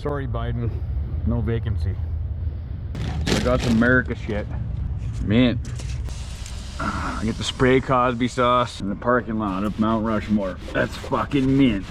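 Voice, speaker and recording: A man's voice: medium pitch, steady tone, a little slow, long pauses, noisy background. Rowdy, profane man on a road trip. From Canada. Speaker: vlog host. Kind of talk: casual road-trip vlog.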